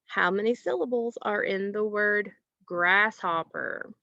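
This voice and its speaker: A woman teacher giving a recorded phonics lesson to children, asking questions and pausing patiently for answers. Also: mid-range voice, vocal fry, sharp tone, no room sound, lo-fi sound. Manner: slow, patient, asks questions and pauses for answers.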